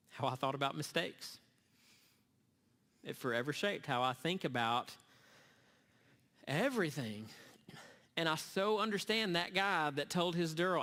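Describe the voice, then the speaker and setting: A middle-aged man telling a personal story to parents at a church gathering, earnest and halting, often restarting his sentences. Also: fairly high pitch, sharp tone. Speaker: speaker at a church summer series. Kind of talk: storytelling sermon talk. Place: church hall. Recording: long reverb of a large hall.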